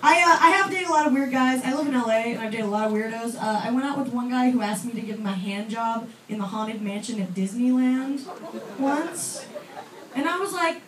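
A young woman performing a chatty, self-deprecating stand-up set on a comedy club stage, with lots of fillers and quick asides to the audience. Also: a little high. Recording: roomy club audio from far off, with loud crowd laughter.

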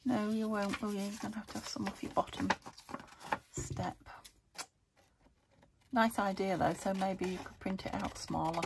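A woman's voice: mid-range voice, flat delivery, normal speed, vocal fry, background noise. A woman chatting to herself as she crafts a junk journal, muttering and talking to her materials as she works. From United Kingdom. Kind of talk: casual crafting commentary.

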